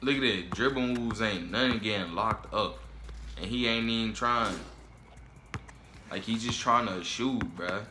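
A man hosting a reaction video, talking casually and trash-talking excitedly, often repeating himself. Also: on the low side, a little slow, noisy background. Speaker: YouTube reaction host.

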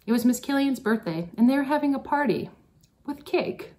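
A woman's voice: sits high, expressive, normal speed, mellow. A woman teacher tells her graduating advisory class a story in a graduation speech. She is wry and pokes fun at herself as she goes. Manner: wry, self-mocking storytelling.

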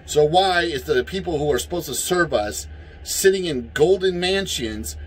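A man from the United States in a heated, profane political rant, yelling at times. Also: a little high, expressive, moderate pace, husky, poor audio. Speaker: vlogger.

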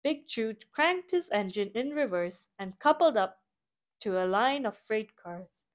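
A woman reading a picture book aloud to children in an animated way, adding sound effects. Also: on the high side, measured pace, highs cut off. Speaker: storybook reader.

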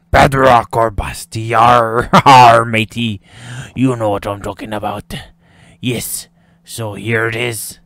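A man's voice: mid-range voice, level tone, slow pace, a bit bright, no room sound, studio quality, pitched below the performer's own voice. A man voicing a boisterous male pirate in a game commentary, growling pirate calls and telling rambling tales, his throat getting scratchy. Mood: storytelling. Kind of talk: gameplay commentary.

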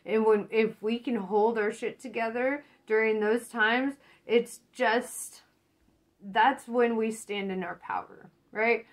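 Woman tarot reader, casual and profane, cheering on the listener. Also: mid-range voice. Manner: profane, encouraging, rambling. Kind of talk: casual spoken tarot reading.

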